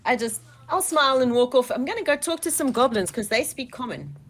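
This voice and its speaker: A woman playing a tabletop game as a player, asking questions in a playful, animated way. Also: sits high, brisk.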